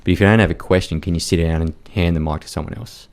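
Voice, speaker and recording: Blunt deep-voiced man. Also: fairly even intonation, fast, darkish tone. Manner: blunt, profane, rambling with many fillers. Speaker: podcast guest, war reporter. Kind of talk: casual storytelling chat.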